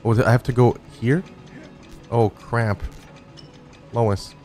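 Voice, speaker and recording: A man's voice: medium pitch, fairly even intonation, slow, mellow, soft background music. A man streaming a climbing game live, talking to chat in a frantic, swearing way and laughing at himself. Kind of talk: live gameplay commentary. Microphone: studio dynamic microphone.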